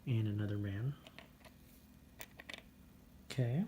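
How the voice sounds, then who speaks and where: A man's voice: lowish voice, takes it slowly, mellow, a little hiss or hum. A man narrating his own turn in a tabletop strategy game, methodically counting out moves and dice rolls as he goes. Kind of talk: casual tabletop game commentary.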